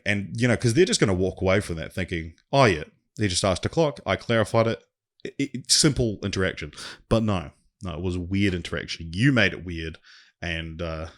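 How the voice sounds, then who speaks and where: Low-voiced rambling podcast host man. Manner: rambling, swearing, chatty. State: briefly out of breath. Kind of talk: casual solo podcast chat.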